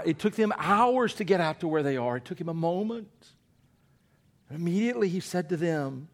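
Animated male preacher, loud then hushed. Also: on the high side. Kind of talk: sermon.

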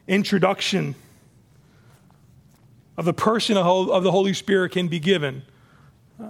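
A man with a high voice delivers a sermon, speaking conversationally and often restarting his phrases. His tone is gravelly and rough at the edges, with a fry that creeps into the ends of lines. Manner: conversational preaching with repeated restarts. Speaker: pastor.

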